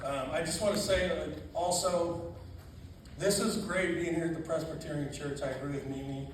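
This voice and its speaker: A man tells animated stories at a memorial reception. He laughs often and acts out quotes in a slightly raised voice. He is recorded from far off in a very echoey church hall, with noticeable noise around him. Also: a little high, moderate pace. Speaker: funeral reception speaker. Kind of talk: storytelling at a memorial gathering. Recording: very echoey, distant, noisy room.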